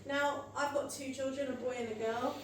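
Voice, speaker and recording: A middle-aged woman doing an animated, swearing stand-up set on a club stage. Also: sits high, moderate pace, recorded from a distance, noisy background. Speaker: stand-up comedian. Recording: echoey venue mic, audience laughter.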